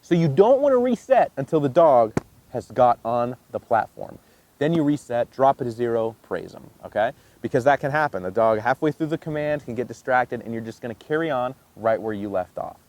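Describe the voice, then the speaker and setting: A man teaching dog training, explaining casually and jumping into a high excited voice when he demonstrates praise. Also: fairly quick. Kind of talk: instructional demonstration.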